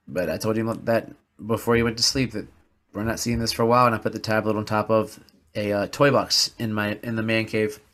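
In a personal, reflective podcast monologue, a male host shares his own story in an earnest, confessional tone, leaning on repeated words for emphasis. His voice is on the low side and a bit bright, with flat delivery and a slightly fast pace.

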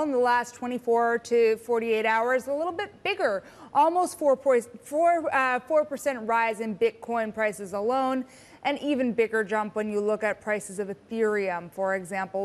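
A woman markets reporter giving a quick, informative update. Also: a little high, in a large hall. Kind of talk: news report.

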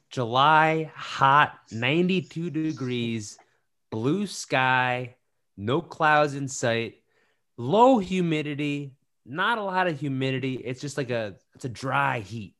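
A man hosting a casual chat with a lively, swooping pitch. He talks in a playful, animated way, repeating phrases for comic effect. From New Jersey. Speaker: podcast host.

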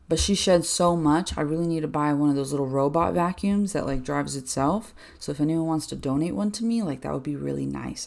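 A young woman in her twenties talking candidly in a personal vlog, rambling and full of fillers. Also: fairly low pitch. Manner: rambling, filler-heavy, self-deprecating. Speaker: vlogger.

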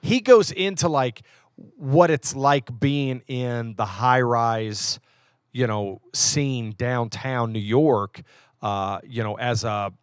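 A pastor from West Virginia chats casually on a podcast, easygoing and full of warm enthusiasm, often stopping and restarting. His medium-pitched voice is slow and smooth, recorded at studio quality with no room sound.

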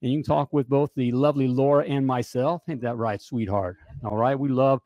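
A man coaching plumbers in a casual, joking sales pitch, often checking in with "all right?". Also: fairly even intonation, fairly quick, darkish tone, no room sound, muffled recording. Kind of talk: casual promotional pitch to camera.

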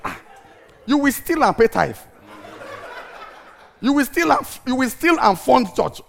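Man, middle-aged pastor, comic sermon storytelling, high gravelly voice, lively pitch swings. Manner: animated, laughing storyteller who acts out his anger.

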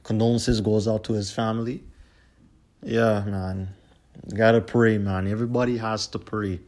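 A man's voice: on the low side, little pitch movement, normal speed, darkish tone. Heated, cursing man ranting. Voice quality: profane, heated, repetitive. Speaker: vlogger. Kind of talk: casual ranting commentary.

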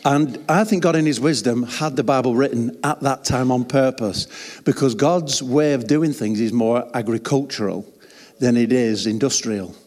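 A man's voice: mid-range voice, moderate pace, darkish tone. A man preaching a sermon, telling stories with humor and chatty asides. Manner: humorous, chatty storytelling with laughs. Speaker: pastor. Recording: long hall reverb.

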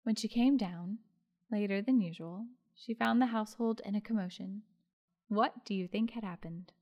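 With a medium-pitched voice and moderate pace, a woman narrates a classic tale for an audiobook. She keeps the reading lively and adds small asides directed at the listener.

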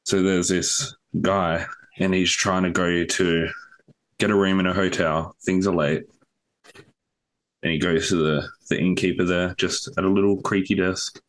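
A man's voice: low voice, little pitch movement, unhurried, fairly bright tone. A young man co-hosting a podcast, telling a long joke in casual, sweary storytelling. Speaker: podcast co-host.

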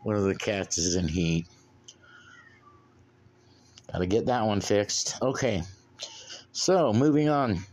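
Solo podcast host, man, low-pitched, profane and laid-back rambler. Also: slow pace, pauses often, darkish tone. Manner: profane, blunt, drinking beer while talking.

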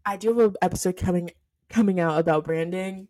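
A woman's voice: fairly low pitch, brisk, warm tone. A teenage girl hosting her own podcast in casual solo chat, giggly and gushing, rambling with lots of fillers and close to tears. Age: teens. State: emotional, near tears. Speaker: podcast host. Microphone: camera setup for filming.

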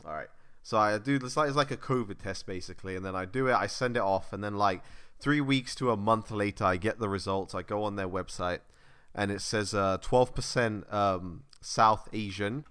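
A young man hosting a podcast, telling stories excitedly in loose slang. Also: lowish voice, normal speed, clean tone. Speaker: podcast host. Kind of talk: casual chat.

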